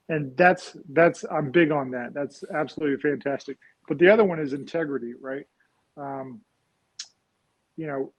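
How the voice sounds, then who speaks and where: With a voice on the high side and a darkish tone, a real estate investor talks as an interview guest, rambling, filling gaps, and often adding "right?" The audio is poor, with no room sound.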